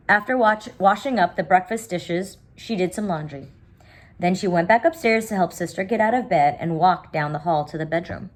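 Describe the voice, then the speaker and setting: Woman storyteller, low-pitched, unhurried picture-book reading with chatty asides.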